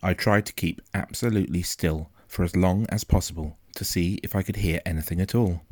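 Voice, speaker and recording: A man narrating a first-person story in a quiet, measured, suspenseful way. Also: deep voice, no echo. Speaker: audiobook narrator.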